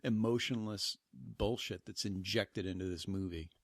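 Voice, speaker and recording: A man co-hosting a movie podcast in casual chat, animated and profane. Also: lowish voice, unhurried, gravelly, no room sound, clean studio sound. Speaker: podcast co-host.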